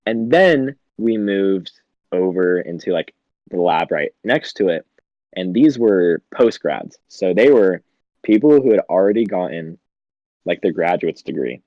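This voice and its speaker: A man's voice: low-pitched, animated, a little slow, dry recording, highs cut off. A young man co-hosting a podcast in casual chat, laughing often and swearing, with lots of fillers. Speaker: podcast co-host.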